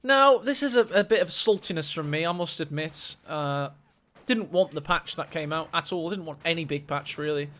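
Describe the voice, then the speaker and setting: A man casting a strategy game match, excitable and quick to gasp at big plays. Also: fairly high pitch. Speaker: esports caster. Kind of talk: live game commentary.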